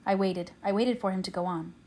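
A woman narrating an audiobook in a measured, quiet, steady way. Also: mid-range voice. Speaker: audiobook reader.

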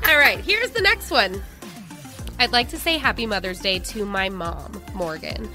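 With music in the background, a woman co-hosting a podcast chats casually and reads out listener messages. Her medium-pitched voice is expressive. She's giggly and emotional, quick to laugh.

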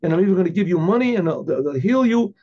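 A man's voice: high voice, lively intonation, fast, mellow, dull audio. A man voicing an indignant, commanding king in a told story. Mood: reassuring.

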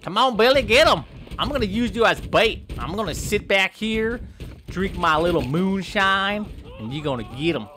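A man's voice: sits high, lively intonation, normal speed, pushed and bright. A man voicing a dim-witted, rambling redneck crayfish farmer, stumbling and boasting as he plays a game. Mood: scheming. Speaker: gaming YouTuber. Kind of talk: improvised comic character commentary over gameplay.

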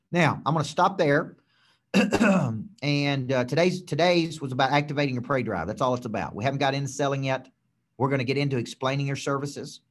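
A man who is a business coach, giving an emphatic coaching session with lots of repetition and frequent "okay?" check-ins. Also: medium pitch.

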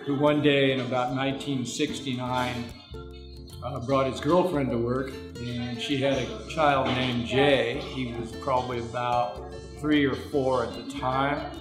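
Older man, measured reflective storytelling, roomy echo, music underneath. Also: medium pitch, flat delivery. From California. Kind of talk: documentary interview.

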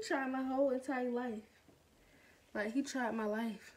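A young woman tells a story to her vlog audience in a chatty, animated way. Her voice sits a little high. A faint hiss of noise runs underneath. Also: a little slow, pauses often. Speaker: vlogger.

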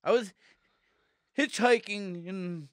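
A man's voice: high-pitched, slow, fairly bright tone, dry recording. A Canadian man, a comedy podcast guest, giving short, dry, joking answers in a studio. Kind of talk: casual comedy podcast chat.

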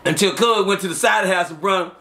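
A man telling street stories in a casual, animated way, loudly acting out the voices of the people in them. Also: high-pitched, quick pace, background noise. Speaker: storyteller. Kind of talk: casual storytelling.

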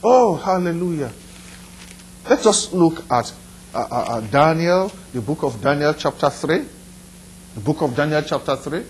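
A man's voice: fairly high pitch, animated, measured pace, long pauses, slight background noise, low-quality recording. A man pastor preaching a sermon in an earnest, repetitive style, putting direct questions to his listeners.

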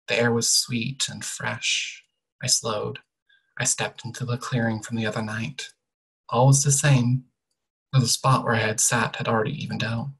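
Reading an excerpt of their own novel, a young adult author speaks softly and with measure, sentences frequently fading out at the end. Their mid-range voice is slightly rough, and the recording itself is rough too.

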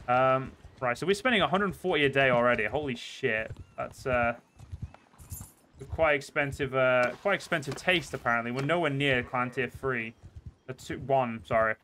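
A man streaming a game, chatting casually and swearing often, with sudden loud outbursts. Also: mid-range voice, normal speed, slight background noise. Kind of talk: casual gameplay commentary. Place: home, seated at a desk.

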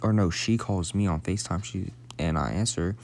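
A man's voice: sits low, normal speed, a little mellow. A young man in his late teens telling a rambling, profane story in a casual, slangy way, sometimes dropping to a whisper.

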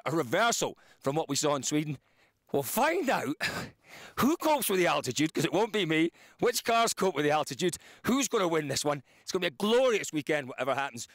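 A male rally reporter talking to camera outdoors on a high mountain gravel stage, lively and chatty, out of breath. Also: dry recording. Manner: lively, chatty, points things out. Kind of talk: on-location piece to camera.

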